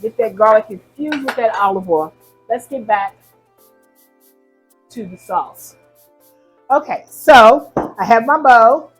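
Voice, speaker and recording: A woman's voice: a little high, animated, slow pace, long pauses, husky, faint music behind, poor audio. A woman hosting a casual home cooking demonstration in her kitchen, chatty and rambling, often correcting herself mid-sentence. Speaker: home cooking video host.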